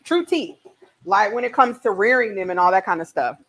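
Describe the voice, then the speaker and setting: A woman's voice: mid-range voice, lively intonation, a little fast, fairly bright tone. A woman hosting a casual cooking show, bubbly and exclamatory, chatting straight to her viewers as she cooks.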